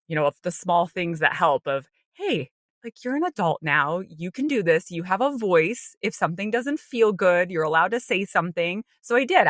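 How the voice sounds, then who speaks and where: Bright-voiced woman telling a story. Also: lowish voice, no echo, studio quality. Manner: animated, acts out her own inner voice; frequent light laughter and "like" fillers. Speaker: podcast co-host. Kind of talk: casual personal storytelling.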